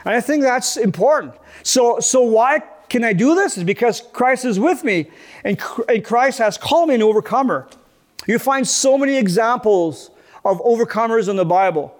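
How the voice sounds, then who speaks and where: High-voiced male pastor preaching earnestly. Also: lively intonation, normal speed. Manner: earnest, repeats and restarts words while preaching. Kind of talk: sermon.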